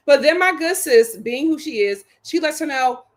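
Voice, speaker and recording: A woman hosting a live reality TV review stream, animated and dramatic, full of slang and talking straight at the people she discusses. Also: high-pitched, normal speed, few pauses. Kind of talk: live-stream episode recap commentary.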